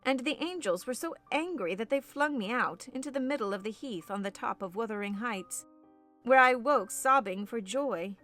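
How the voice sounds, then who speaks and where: A woman's voice: fairly high pitch, expressive, normal speed, a bit bright, faint music behind. A woman reading as a passionate, headstrong young woman in an audiobook, speaking in an impassioned, declamatory way. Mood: wistful.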